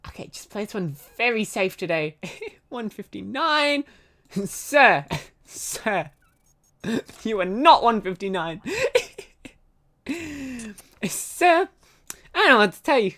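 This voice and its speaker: A woman's voice: a little high, big pitch swings, slow pace, long pauses. A young woman streaming a game, chatting with her viewers and giggling often. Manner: giggly, talks to chat. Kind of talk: live gameplay commentary. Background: soft background music.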